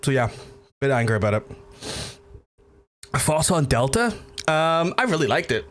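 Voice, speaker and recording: A man's voice: medium pitch, animated, measured pace, fairly bright tone. A man chatting casually on a gaming livestream, ranting and swearing heavily, rambling with lots of fillers. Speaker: gaming streamer.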